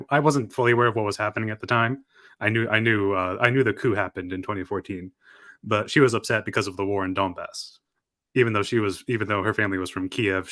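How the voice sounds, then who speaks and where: Podcast guest, male, bright forceful tone, dry close sound, halting delivery. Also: on the low side, dry recording. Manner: halting, many restarts. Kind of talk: casual podcast chat.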